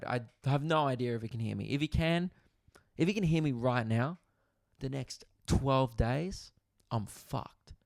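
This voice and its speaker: Gravelly comedian telling stories. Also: male voice, mid-range voice, no room sound, clean studio sound. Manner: animated, swears freely, acts out others' voices. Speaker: comedian podcast host. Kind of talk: casual comedic storytelling.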